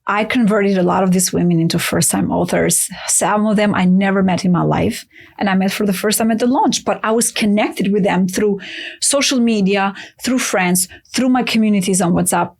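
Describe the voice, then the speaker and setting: A woman guest telling her story in an interview, lively and chatty, acting out quoted voices with jumps in pitch. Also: vocal fry, husky. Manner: says "LOL" aloud, quick and chatty. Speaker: guest author.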